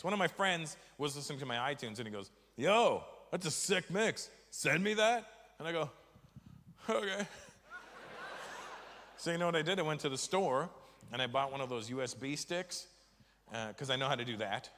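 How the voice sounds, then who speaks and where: A man from Canada doing a stand-up comedy set, teasing the crowd in an animated, mocking way that rises to shouts. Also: medium pitch. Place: large comedy venue with audience. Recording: live stage recording in a reverberant hall.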